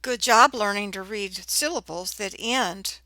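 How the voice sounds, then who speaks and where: A woman teaching a phonics lesson to children, sounding out words slowly and clearly. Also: mid-range voice, bright, forceful tone, no room sound. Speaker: reading teacher.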